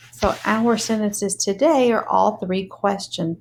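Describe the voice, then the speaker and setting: A woman teaching a phonics lesson, speaking slowly and deliberately and spelling words out letter by letter. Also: medium pitch.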